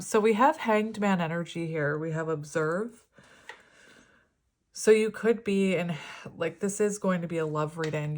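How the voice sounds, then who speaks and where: Chatty woman tarot reader, lower voice. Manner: chatty, rambling, laughs often. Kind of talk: casual spoken tarot reading.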